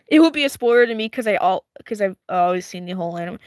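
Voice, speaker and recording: A woman reacting to a webtoon as she reads it, excitable and giggly, chatting to her viewers in slang, her voice a little strained and tired. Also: medium pitch, fast, dry recording, clean studio sound. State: strained, tiring voice. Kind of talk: casual reaction reading.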